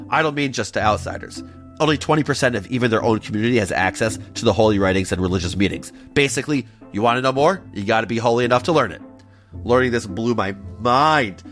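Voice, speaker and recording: Guy hosting a history podcast, super animated, jokey, faint music in the back. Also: fairly low pitch. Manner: playful, animated, jokey asides. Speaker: podcast host. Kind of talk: scripted history explainer.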